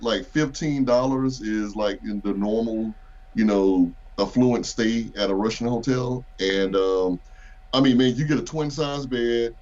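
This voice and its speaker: A man chatting as a podcast guest, rambling loosely with casual slang. His voice is at a middle pitch, and the audio sounds a little dull and muffled. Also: a little mellow. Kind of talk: casual chat.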